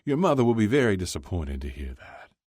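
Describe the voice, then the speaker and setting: A man's voice: lowish voice, very animated, fairly quick, a little mellow, no room sound, clean studio sound, pitched above the performer's own voice. Give me a fond middle-aged father who teases his son in a sing-song voice, as a man puts him on. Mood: nosy teasing.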